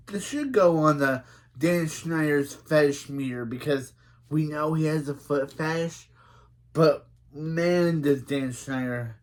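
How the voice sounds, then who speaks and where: A man recapping and reacting to a TV episode, speaking with a fairly high voice. He gets animated and indignant as he retells the scenes. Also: slow. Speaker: reaction video host.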